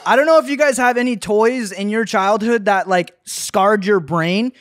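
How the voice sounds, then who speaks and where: A young man giving casual reaction commentary on memes, excitable and slangy, calling everyone dude. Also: high voice, moderate pace.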